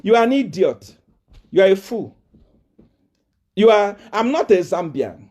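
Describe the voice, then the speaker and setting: A man with a Nigerian accent hurls taunts and challenges at a rival. His voice sits high and swings widely in pitch as he presses his points over and over. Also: sing-song, a little slow. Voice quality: loud, taunting, repetitive. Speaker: preacher. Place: South Africa.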